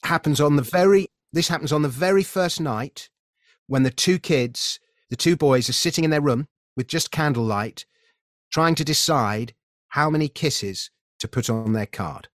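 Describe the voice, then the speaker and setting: A man's voice: fairly high pitch, normal speed, fairly bright tone, no room sound, clean studio sound. A middle-aged man from England, a podcast guest earnestly recounting a family story in conversational style, often correcting himself mid-sentence. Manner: earnest, vivid storyteller with frequent self-corrections. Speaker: podcast guest, creator of a stage show.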